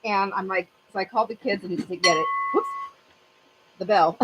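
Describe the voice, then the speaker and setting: A woman's voice: mid-range voice, moderate pace, noisy background. A woman in her fifties hosting a craft channel, chatting casually with her livestream viewers in a rambling way and laughing often.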